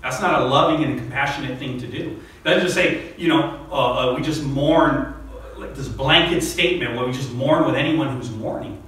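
A man's voice: mid-range voice, moderate pace, a bit bright, distant mic. A male pastor preaching a sermon, rising to emphatic peaks and often asking "right?" as he talks. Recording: echoey hall, speaker off-mic.

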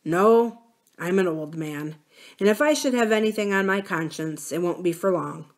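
A woman reading the part of a gentle, wise old male rancher in an audiobook-style reading. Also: fairly low pitch, lively intonation, moderate pace. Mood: grave.

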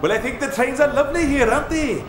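A man's voice: very high voice, expressive, fast talker, pitched above the performer's own voice. A man putting on a cheery, chatty Welsh character who talks in a lilting sing-song full of tag questions. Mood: chirpy. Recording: echoey room with loud music.

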